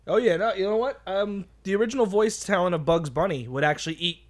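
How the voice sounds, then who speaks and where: A man with a high voice jumps in eagerly with fun trivia. His tone is quick and friendly. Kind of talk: casual chat.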